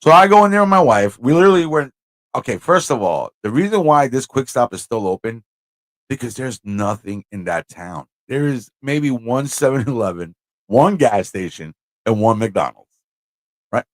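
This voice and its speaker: A man hosting a casual livestream, telling stories in an animated way, swearing and slipping into put-on voices. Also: mid-range voice, normal speed, no room sound. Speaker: host.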